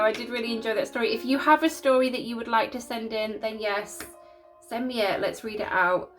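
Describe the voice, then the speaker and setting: A woman's voice: mid-range voice, fairly bright tone. A woman hosting a story channel, casually reading out viewer-sent ghost stories in an emotional, chatty, sympathetic way. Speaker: YouTube story channel host.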